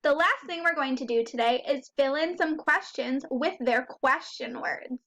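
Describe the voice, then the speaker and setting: A woman teaching a first grade phonics lesson, who sounds out words slowly and clearly and asks the children questions. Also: high-pitched, fairly bright tone.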